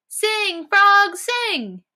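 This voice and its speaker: A woman voicing an excited crowd of animals in a children's storybook, chanting in a high, shouting voice. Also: slow, creaky, full character voice.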